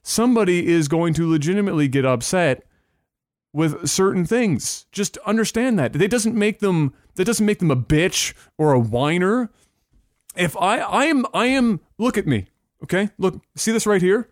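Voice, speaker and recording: A man with a high voice rants on a casual podcast, restarting and repeating his words as he searches for the point. The sound is dry and close, with no room in it. He swears freely and leans hard on every point. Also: lively intonation, normal speed, no room sound. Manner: emphatic, ranting, repeats words while searching. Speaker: podcast co-host. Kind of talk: casual chat.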